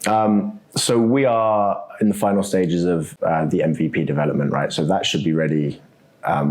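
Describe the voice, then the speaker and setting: A man being interviewed as a guest, talking casually and thinking aloud, often ending points with "right?". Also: a bass voice. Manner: relaxed, thinks aloud with many ums and "right?" tags. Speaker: guest, co-founder of a web3 architecture startup.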